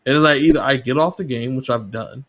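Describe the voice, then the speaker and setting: A man guesting on a gaming podcast talks casually at a quick clip, his voice a bit bright. He launches into a heated rant full of swearing, his pitch climbing as he goes.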